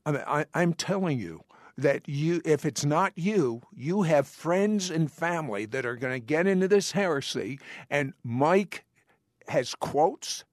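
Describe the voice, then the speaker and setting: A man hosting an interview, speaking earnestly with halting restarts. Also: a little high, lively intonation, no echo, studio quality. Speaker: host. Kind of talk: interview chat.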